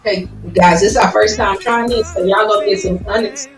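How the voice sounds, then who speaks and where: A woman's voice: mid-range voice, steady tone, a little fast, soft background music. A woman co-hosting a podcast, talking in a casual, candid and playful way. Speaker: podcast co-host. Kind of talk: casual chat. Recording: roomy, distant mic with faint noise.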